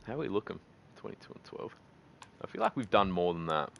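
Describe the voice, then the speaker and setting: An Australian man streaming a shooter game in casual commentary, excitable and swearing often as he chats with viewers. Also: low-pitched, fast, gravelly, lo-fi sound, slight background noise. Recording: loud gunfire over the voice. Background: loud game gunfire and explosions.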